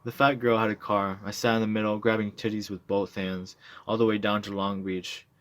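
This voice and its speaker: A man's voice: lowish voice, little pitch movement, fairly quick, close to an everyday voice. A man reading as a boastful crude drunk veteran. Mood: bragging. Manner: bragging, coarse, swaggering storyteller. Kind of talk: reading a novel aloud.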